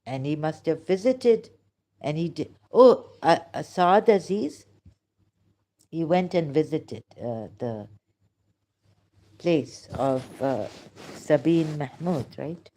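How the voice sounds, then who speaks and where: A woman delivers an impassioned monologue in a low, mellow voice. She talks slowly and emotionally, often stopping to restart her sentences. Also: lively intonation. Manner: emotional, halting, with many pauses and restarts. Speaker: religious critic vlogger.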